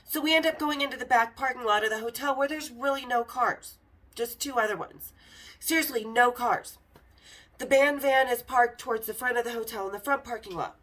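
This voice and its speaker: A woman hosting a podcast, telling a candid story in a casual, profane and animated way. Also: a little high, brisk.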